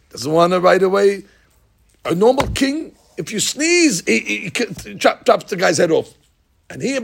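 A man teaching a Talmud class, telling stories in an animated way and acting out the lines. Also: high-pitched, gravelly, husky. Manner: animated storyteller, acting out lines with rising shouts. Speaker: Torah teacher.

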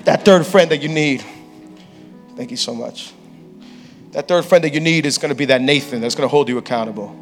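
A pastor preaching a sermon on a church stage, telling a story playfully and acting out the people in it. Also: male voice, medium pitch, fairly quick, pauses often, soft background music. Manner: lively, playful storyteller who acts out quotes.

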